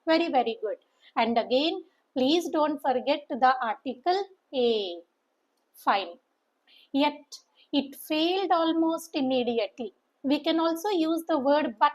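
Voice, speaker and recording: High-voiced woman teaching English. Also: animated, a little slow, low-quality recording. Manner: emphatic, repeats key words. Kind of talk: explaining a sample letter in a lesson.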